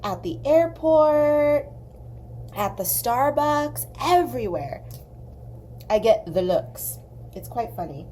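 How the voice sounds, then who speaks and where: A young woman from southern California, hosting an art channel, telling a long story in a chatty, animated way while she colors. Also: high voice, takes it slowly, long pauses, a little hiss or hum. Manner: chatty, animated, acts out quoted voices.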